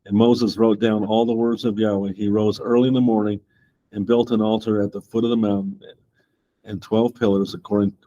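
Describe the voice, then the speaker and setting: A man's voice: fairly low pitch, level tone, a little fast, dark tone, lo-fi sound. A man teaching a Bible class, reading scripture aloud steadily and breaking off into loose, chatty asides. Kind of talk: Bible study lesson, reading scripture with commentary.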